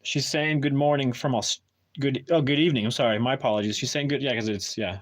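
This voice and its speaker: A man's voice: medium pitch, quick pace. A man chatting casually with viewers on a live stream at home, talking hesitantly with many restarts and fillers.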